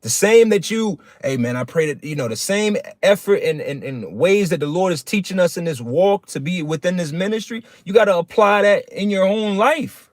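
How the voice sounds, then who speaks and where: A man with a fairly high voice preaches a casual livestream sermon in plain street talk. He keeps calling his listeners "man". His voice sounds dry and close, with no room echo. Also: animated, moderate pace, hardly any pauses.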